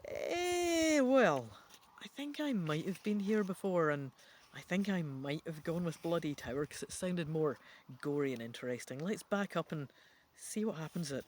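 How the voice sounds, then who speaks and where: A man's voice: on the high side, lively intonation, normal speed, slight background noise. Man musing through a gamebook. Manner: musing, thinking out loud. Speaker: gamebook reader. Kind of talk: reading a gamebook aloud with chatty asides.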